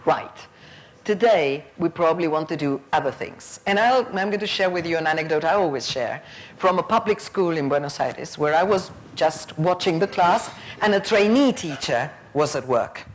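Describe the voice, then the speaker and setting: A woman in her fifties gives a conference lecture in a rather low voice. Her pitch swings widely as she tells stories, and she acts out the people in them. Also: normal speed, a little hiss or hum. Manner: lively storyteller who acts out quoted voices. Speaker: plenary conference speaker. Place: conference hall.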